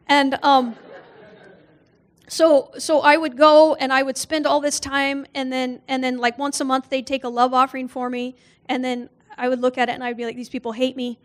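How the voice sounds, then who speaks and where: A woman with a high voice preaches in a church as a guest speaker. She tells funny personal stories, acts out the people in them and laughs often as she goes.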